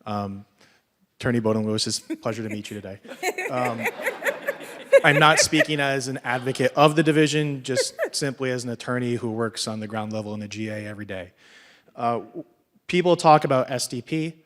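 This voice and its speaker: A man, an assistant public defender asking a panel a question, speaking nervously with halting restarts, heard from a distant mic. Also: medium pitch, fairly bright tone.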